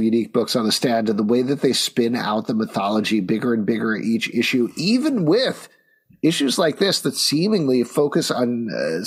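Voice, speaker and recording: A man co-hosting a podcast in casual chat, talking in an animated, jokey, rambling way. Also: medium pitch, husky. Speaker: podcast co-host reviewing comics.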